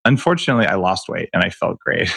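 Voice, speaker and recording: A man's voice: low-pitched, sing-song, fast talker, vocal fry, a bit bright, breathy edge, dry recording. A man talking emphatically in an interview, ranting with rhetorical questions. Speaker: guest expert on health. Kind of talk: animated interview talk.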